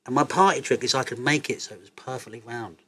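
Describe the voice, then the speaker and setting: Male, 50s, interview guest; sweary, animated raconteur with faint background noise. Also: mid-range voice, fast talker. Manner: swearing, animated, laughs through his stories. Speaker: interview guest, cannabis entrepreneur. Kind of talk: casual interview storytelling.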